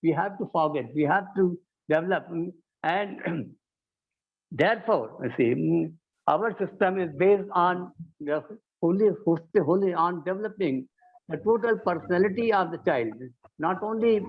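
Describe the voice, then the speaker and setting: A man giving a formal conference speech, halting and self-correcting, often saying "you see". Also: high-pitched. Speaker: conference speaker. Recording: tinny phone-like sound.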